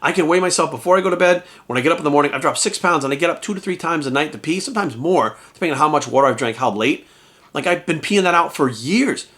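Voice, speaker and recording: A man talking as a bodybuilding coach in a casual vlog rant, animated and swearing constantly, tossing in rhetorical asides. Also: fairly high pitch, quick pace. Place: at home.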